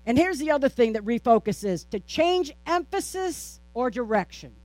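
A woman's voice: high voice, expressive, moderate pace, a little mellow, dry recording. Playful woman preacher, dry close sound. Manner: playful, self-teasing asides and rhetorical questions; repetitive preaching cadence. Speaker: pastor. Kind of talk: sermon.

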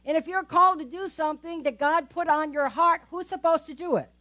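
A woman's voice: high voice, a little fast, pushed and bright. A woman pastor giving a conversational sermon, often checking in with the congregation with tag questions.

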